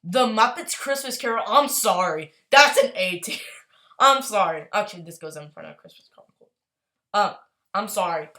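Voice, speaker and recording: A woman chatting casually as a YouTuber, gushing and excitable, rambling along with quick apologies. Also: mid-range voice. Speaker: YouTuber ranking movies. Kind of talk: casual tier-list chat.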